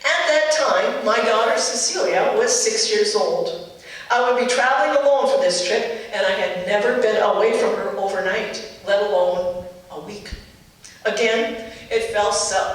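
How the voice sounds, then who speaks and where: A middle-aged woman from Minnesota telling a personal story to a live audience, measured and reflective, in short paced phrases. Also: medium pitch, heavy reverb, recorded from a distance, rough recording.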